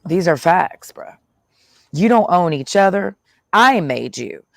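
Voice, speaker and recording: A man's voice: high-pitched, big pitch swings, slow pace, vocal fry, no echo, clean studio sound. A man in a blunt, profane monologue, speaking in the first person as God, full of slang and swearing. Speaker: vlogger.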